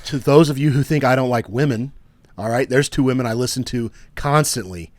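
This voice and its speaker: A man's voice: mid-range voice, fairly quick, no echo. A young man co-hosting a podcast in casual banter, rambling and joking, worn out after being sick. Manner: rambling, joking, trails off with fillers. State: tired. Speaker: podcast co-host.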